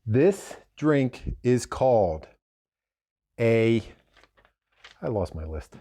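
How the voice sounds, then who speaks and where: A man talks through his cocktail recipes in an easygoing, meandering way. He wanders off on asides and corrects himself mid-sentence, with a voice of middling pitch. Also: very animated, extremely slow, mellow. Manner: chatty, digressive, self-correcting. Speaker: bartender host. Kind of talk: casual cocktail demonstration.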